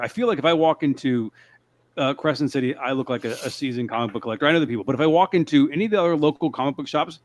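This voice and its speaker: Rambling, self-deprecating man on a podcast. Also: mid-range voice. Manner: rambling, halting, full of filler words and restarts; self-deprecating, laughs often. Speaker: podcast co-host. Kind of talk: casual podcast chat.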